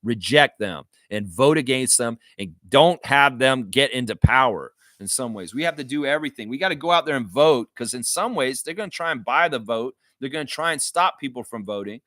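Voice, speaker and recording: A man's voice: mid-range voice, lively intonation, brisk, few pauses, fairly bright tone, dry recording, studio quality. A man hosting a live stream, reading chat comments and ranting bluntly with frequent swearing. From Canada.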